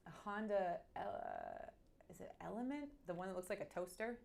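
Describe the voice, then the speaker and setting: Lively New woman sharing her story. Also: medium pitch, creaky. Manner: animated, halting, with many restarts. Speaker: guest. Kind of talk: candid personal storytelling.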